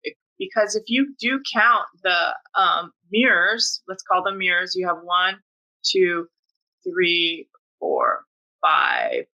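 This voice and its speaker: A woman's voice: lowish voice, fairly even intonation, slow pace, pushed and bright, poor audio. A woman co-hosting a casual spiritual conversation, responding with enthusiastic affirmation.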